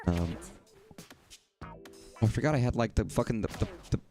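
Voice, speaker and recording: A man's voice: on the low side, lively intonation, moderate pace, dark tone. A young man casually commentating a video game, rambling and swearing with jokey asides. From southern US. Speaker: gaming streamer. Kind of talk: casual let's-play commentary. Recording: faint game music behind.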